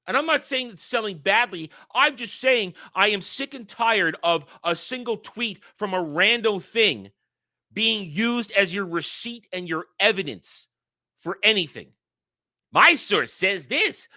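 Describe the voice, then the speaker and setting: A man delivering an angry, profane rant as the host of a commentary channel, sometimes breaking into shouts. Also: sits high, no echo, clean studio sound. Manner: heated, profane, shouting at times.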